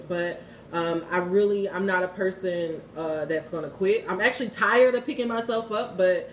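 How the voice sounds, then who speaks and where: A woman in her thirties giving a casual spiritual card reading and prayer, candid and quick to swear and laugh. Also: medium pitch, slight background noise. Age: 30s. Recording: echoey room, heard from a distance.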